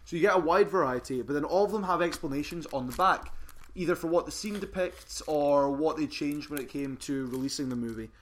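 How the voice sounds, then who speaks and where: A man's voice: on the high side, a little fast. A man co-hosting a podcast, chatting casually and reading out trading card text with playful emphasis. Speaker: podcast co-host. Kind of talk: casual chat.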